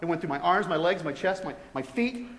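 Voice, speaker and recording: A man giving a testimony to students, telling it in an animated way and acting out his own reactions. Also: fairly high pitch, brisk. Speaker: guest speaker sharing a testimony. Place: large college hall. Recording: echoey hall.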